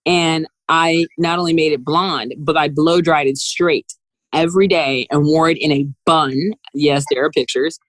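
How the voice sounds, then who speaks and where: A woman, a business CEO, telling animated stories as a podcast guest, laughing often and acting out what others said. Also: low voice, moderate pace, no room sound, low-quality recording. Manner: lively, laughs often, acts out quotes. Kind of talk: animated storytelling interview.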